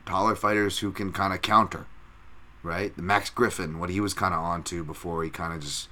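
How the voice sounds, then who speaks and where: A man's voice: low-pitched, pushed and bright. A man hosting a solo podcast who breaks down fights in a casual, profane and rambling way. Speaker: podcast host.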